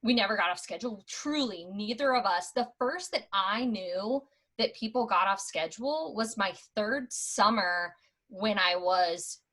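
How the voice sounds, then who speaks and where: A woman's voice: mid-range voice, measured pace, pushed and bright, rough recording. A woman on a podcast, chatting casually about selling books door to door, with lots of "like" fillers. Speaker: podcast guest, former door-to-door book seller. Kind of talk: casual storytelling chat.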